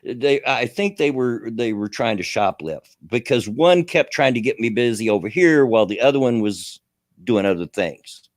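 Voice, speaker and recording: A man's voice: medium pitch, animated, normal speed, dry recording, clean studio sound. A man hosting a radio show, telling a rambling story in casual chat, chuckling often and full of fillers.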